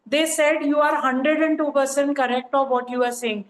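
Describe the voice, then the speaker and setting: High-pitched woman, echoey room. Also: little pitch movement, normal speed. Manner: conversational, frequent "you know" fillers. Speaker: coaching participant sharing experience. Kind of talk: casual online group call.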